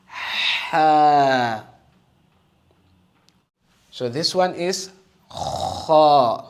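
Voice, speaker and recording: Slow, patient man teaching the alphabet. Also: mid-range voice. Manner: encouraging, says "okay?" and "MashaAllah" often, loud drawn-out letter sounds. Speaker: Arabic and Quran reading teacher. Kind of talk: slow patient alphabet lesson with call-and-repeat.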